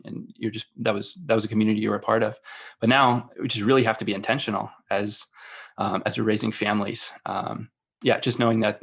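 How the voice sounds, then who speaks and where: A man's voice: on the low side, vocal fry, fairly bright tone, husky. A man in his thirties, a father and podcast guest, speaking earnestly and hesitantly with many fillers. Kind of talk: casual podcast conversation.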